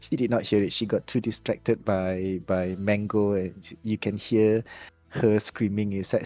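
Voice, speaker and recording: A low-pitched man with a soft, mellow voice narrates a tabletop role-playing scene as game master. He talks haltingly, backing up and fixing his words as he goes, with faint music behind him. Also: level tone. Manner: hesitant, many restarts and self-corrections.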